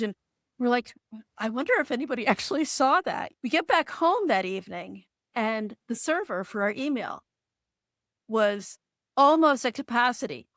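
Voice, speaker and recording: A woman being interviewed as a podcast guest. She tells a story in an animated way, acting out the dialogue and laughing now and then. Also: a little high, no echo, studio quality.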